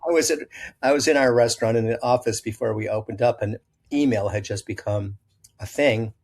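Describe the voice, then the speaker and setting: An older man, a chef from Illinois, talks at a middle pitch as an interview guest. He tells long, rambling anecdotes, often stopping to correct himself. He acts out quoted lines in livelier voices. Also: a little fast, darkish tone. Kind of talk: storytelling interview.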